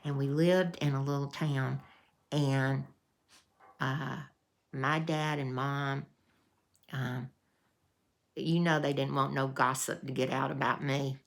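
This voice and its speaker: A woman's voice: rumbling low, level tone, slow, creaky, long pauses. A woman, telling a story in a folksy, meandering way as a vlogger. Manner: folksy, meandering with restarts and fillers. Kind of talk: casual storytelling.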